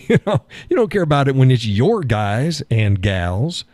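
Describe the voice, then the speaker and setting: A man's voice: medium pitch, sing-song, a little slow, darkish tone, dry recording, studio quality. An older man hosting a live stream, talking in a folksy, sardonic way and chuckling often. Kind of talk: casual political chat.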